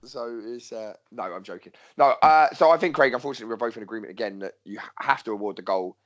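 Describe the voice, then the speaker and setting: A man co-hosting a football podcast, talking quickly and playfully. He jokes and teases his co-hosts while weighing in on refereeing calls. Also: mid-range voice, highs cut off. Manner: jokey, teasing, laughs often. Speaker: podcast co-host. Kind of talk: casual chat.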